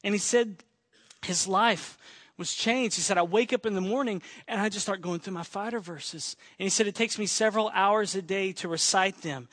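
Preaching to his congregation at a moderate pace, this high-pitched pastor tells an earnest story and quotes what a friend said. His delivery swings from excited to hushed, and the recording has no echo.

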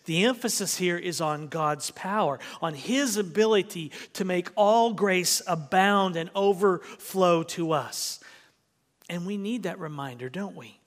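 A man's voice: high-pitched, unhurried, a bit bright, in a large hall. A man preaching a sermon as pastor, emphatic and full of rhetorical questions, in a church sanctuary.

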